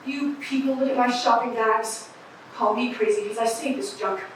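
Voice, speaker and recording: A young woman playing a raspy, rambling bag lady. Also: a little high, steady tone, normal speed, a little hiss or hum, close to an everyday voice. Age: teenager. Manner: rambling, confiding, pointing out the audience. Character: eccentric street bag lady, talks to aliens. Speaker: student actor. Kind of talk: stage monologue. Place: camp theater stage. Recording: echoey hall from far off.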